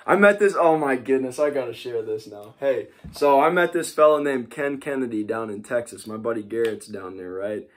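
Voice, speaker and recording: Young male teacher, loose rambling classroom chat, heavy on fillers. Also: medium pitch. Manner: rambling, full of "like" and "you know". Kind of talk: casual classroom talk.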